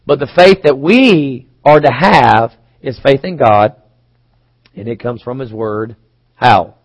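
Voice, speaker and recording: A man's voice: mid-range voice, slow pace, dry recording, rough recording. A man preaching a sermon, chatty and questioning, acting out quoted voices, with occasional coughs. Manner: conversational, asks the congregation questions. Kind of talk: sermon teaching.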